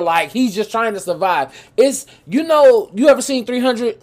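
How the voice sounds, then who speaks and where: Male podcast co-host, casual and profane, animated storyteller. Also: extremely high pitch, moderate pace, hardly any pauses. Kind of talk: casual chat.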